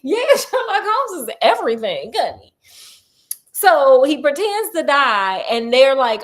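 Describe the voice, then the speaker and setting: A young woman casually retelling a classic detective story, animated and slangy, laughing often. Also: high voice, unhurried. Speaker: podcast storyteller.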